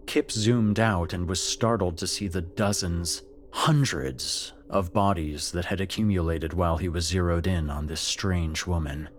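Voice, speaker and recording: A man narrating a horror story in a slow, measured, scripted storytelling manner. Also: low voice, a little hiss or hum.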